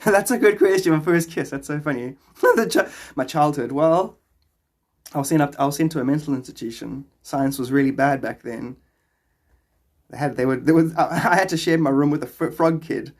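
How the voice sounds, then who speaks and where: Male livestreamer with a fairly high voice on a phone mic, loose and rambling, laughs a lot. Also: fairly quick. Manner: laughs often, rambling and playful. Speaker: livestreamer answering viewer questions. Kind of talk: casual livestream chat.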